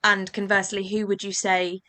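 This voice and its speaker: Bright-voiced woman hosting a podcast. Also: mid-range voice, flat delivery, a little fast. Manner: chatty storyteller, acts out voices in anecdotes. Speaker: podcast host. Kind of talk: casual podcast conversation.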